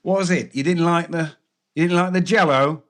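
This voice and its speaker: A man's voice: on the high side, normal speed, fairly bright tone, pitched above the performer's own voice, close to an everyday voice. A man voicing a cheerful Leonardo da Vinci with a Cockney accent, breezy and obliging as he offers to fix a painting.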